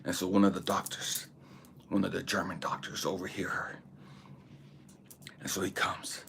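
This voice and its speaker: A man hosting a spiritual channel, telling a personal story in an animated, emphatic way, swearing freely and sometimes dropping to a whisper. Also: sits low, normal speed, vocal fry. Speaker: spiritual channel host and intuitive reader. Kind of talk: casual storytelling monologue.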